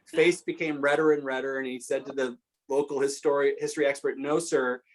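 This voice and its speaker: Speaking briskly at a medium pitch, a man at a history talk responds to a question with stories about the area's past. His storytelling is animated, and he performs the voices of those he quotes.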